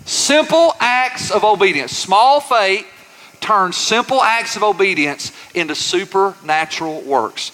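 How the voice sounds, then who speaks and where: A man's voice: high voice, animated, measured pace, pushed and bright. A pastor preaching a sermon, folksy and full of call-and-response with his congregation. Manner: folksy, says y'all. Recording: reverberant church hall.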